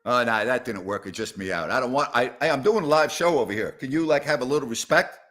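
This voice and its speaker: Exasperated middle-aged sports talk host. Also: male voice, mid-range voice, fast talker, a bit bright. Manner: exasperated, rambling, sarcastic. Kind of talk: live call-in show chat. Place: house, indoors.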